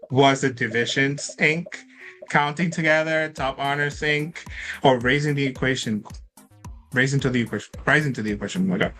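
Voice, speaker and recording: A man's voice: medium pitch, a bit bright. A man hosting an online trivia quiz, upbeat and chatty, laughing often as he reads out questions and scores. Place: online event with participants in chat.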